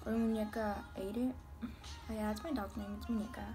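Chatting openly as she gets ready, a young woman rambles through her makeup routine for a vlog, music playing behind her. Her mid-range voice keeps fairly even intonation at a fairly quick pace.

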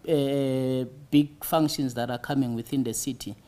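A man, a city tourism official answering interview questions in a halting way, often pausing on fillers. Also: mid-range voice, steady tone, warm tone, clear, resonant tone. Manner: halting, frequent "you see" fillers.

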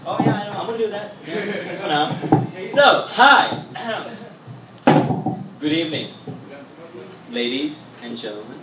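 Sri Lankan-accented young male magician, chatty showman, slightly high voice, echoey room, mic far off. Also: sing-song, unhurried, long pauses, noisy background. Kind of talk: stand-up stage patter. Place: comedy club stage.

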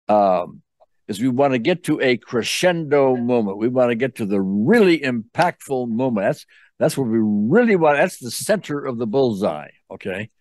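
Calm older man coaching a client. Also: mid-range voice, no room sound. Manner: calm, guiding, checks in often. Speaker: tapping coach. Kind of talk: therapy session coaching.

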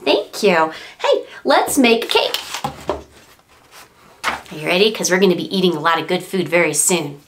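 A woman's voice: lowish voice, big pitch swings, normal speed, pauses often, background noise. A woman librarian leading a story time for babies and toddlers, reading a picture book in a playful sing-song way. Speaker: children's librarian.

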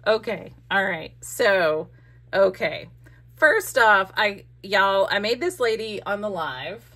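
Gluing a scrapbook for her own craft channel, a woman chats casually, rambling and cutting herself off mid-sentence. Her voice is medium in pitch, expressive and slow, with a sharp edge to it.

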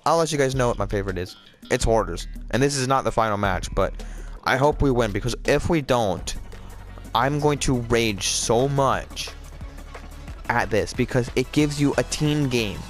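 A man talking through his gameplay in a lively, bouncing voice that leaps up and down in pitch. He is excitable and jokey, slipping into playful nonsense rhymes and mock rage. Faint game music plays underneath. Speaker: gameplay commentator. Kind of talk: casual gameplay commentary.

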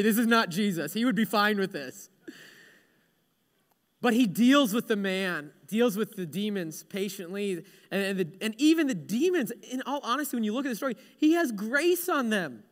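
A man's voice: high-pitched, lively intonation, moderate pace, a bit bright, long reverb tail. A male pastor preaching a sermon, retelling stories with humorous, self-deprecating asides.

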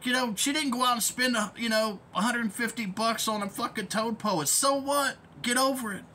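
A man's voice: extremely high pitch, normal speed, pushed and bright, a little hiss or hum. A man ranting in a vlog as an online commentator, profane, rambling and heated.

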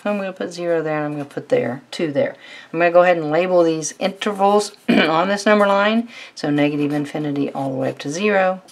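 A woman teaching a recorded calculus lecture, talking students through a problem step by step in a relaxed, conversational way. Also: lowish voice, fast talker. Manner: relaxed, conversational, thinks aloud while writing. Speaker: math teacher.

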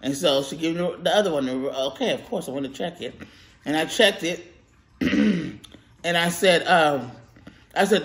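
Woman, mukbang vlogger from California, casual to-camera storytelling; animated, laughs often. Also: low-pitched, moderate pace, long pauses. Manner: animated, laughs often, quotes herself in retellings.

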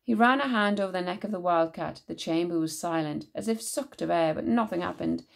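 A woman teacher reading a children's novel aloud in a measured, expressive way. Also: on the low side, vocal fry.

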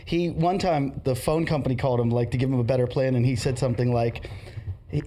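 A man's voice: medium pitch, steady tone, fairly quick, mellow. A man hosting a podcast, a stand-up comedian telling stories in casual chat with laughs. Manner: storytelling with laughs and comic voices.

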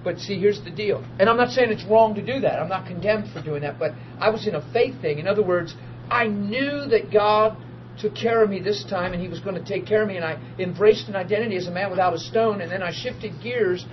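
A middle-aged man preaching a sermon built on personal testimony, animated, acting out the people in his stories and laughing easily. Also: high-pitched, brisk, few pauses. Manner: animated storyteller, acts out dialogue, laughs easily. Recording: dull lo-fi archive recording with steady noise.

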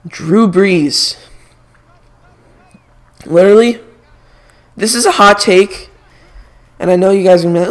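Young male streamer, bright higher voice, animated, trading hot sports takes while playing. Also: normal speed, long pauses. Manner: opinionated, animated sports banter. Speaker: gaming streamer. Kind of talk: casual chat while playing a video game.

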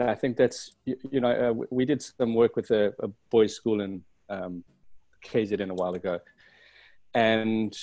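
A man joins a webinar panel at an everyday middle pitch, with a dry, close sound. He is hesitant and self-deprecating, and he trips and restarts as he gathers his thoughts. He sounds like a video-call speaker. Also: darkish tone, no echo. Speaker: panelist, facilitator of school workshops. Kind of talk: webinar discussion.

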